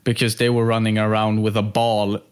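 A man's voice: fairly low pitch, normal speed, clear, resonant tone. A man co-hosting a podcast, chatting casually with stammering restarts. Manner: relaxed, stammering restarts, laughs at his own story. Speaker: podcast co-host. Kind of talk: casual chat.

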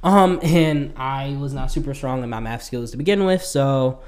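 A man's voice: medium pitch, normal speed, darkish tone. A young man hosting his own podcast, talking casually in a rambling way and laughing often. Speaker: podcast host. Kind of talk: casual solo podcast monologue.

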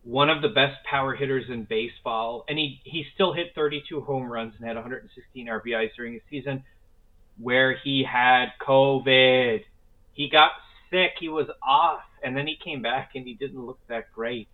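A man's voice: mid-range voice, fairly even intonation, moderate pace. Enthusiastic man on a tinny line. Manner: enthusiastic, rambling, swears casually. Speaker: podcast co-host. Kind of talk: casual sports chat. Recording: phone-like narrow sound.

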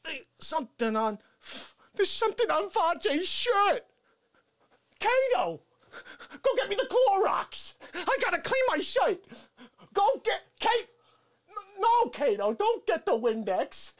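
A woman voicing a brash, egotistical mustached male show host in a comedic sketch, talking loud and mock-threatening. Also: high-pitched, very animated, measured pace. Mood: bossy.

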